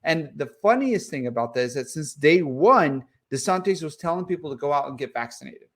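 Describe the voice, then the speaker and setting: Male podcast co-host with a fairly high voice, emphatic and repetitive in casual chat. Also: expressive, brisk.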